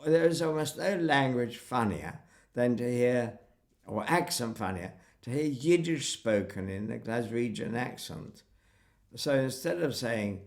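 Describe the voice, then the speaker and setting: Older man, gravelly voice, animated storyteller, reminiscing in an interview. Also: medium pitch, slow pace. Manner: animated storyteller acting out quotes. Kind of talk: reminiscing conversation.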